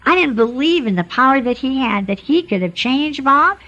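A woman's voice: high voice, animated, moderate pace, sharp tone, lo-fi sound. A woman giving her personal testimony to a church congregation, earnest and emotional, sometimes preaching.

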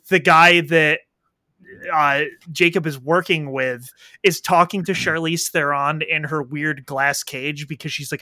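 Man, casual movie chat, animated and profane, fairly high, bright voice. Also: dry recording. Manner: animated, profane, acts out reactions. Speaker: podcast co-host. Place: indoors at home, rain outside.

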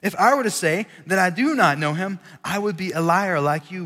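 Bright-voiced man preaching in a reverberant hall. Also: on the high side, animated, normal speed. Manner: conversational, joking asides to the room. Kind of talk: casual expository sermon. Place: large room with a live audience. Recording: long reverb of a large hall.

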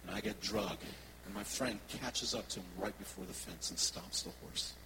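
A low-pitched man delivers a sermon as a worship pastor, weaving personal stories into his message. He talks to the congregation in a conversational, animated way. Steady background noise is heard in the live church recording. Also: normal speed.

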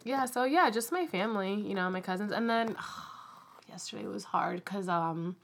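A woman's voice: medium pitch, moderate pace, gravelly, slight background noise. A young woman chatting casually as a podcast co-host, rambling with lots of "like" and "um". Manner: rambling, heavy use of "like" and "um". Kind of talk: casual chat.

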